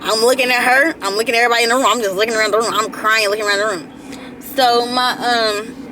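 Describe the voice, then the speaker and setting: A woman's voice: on the high side, steady tone, fast talker, noisy background. A young woman in her late teens telling a personal story to her viewers in a chatty storytime vlog, often calling them y'all and repeating herself. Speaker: vlogger.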